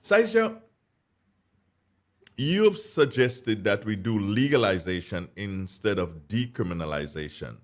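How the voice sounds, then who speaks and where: A man from Grenada with a Grenadian accent, hosting a radio talk show and speaking in a halting way with many fillers. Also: on the low side, expressive. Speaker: radio host.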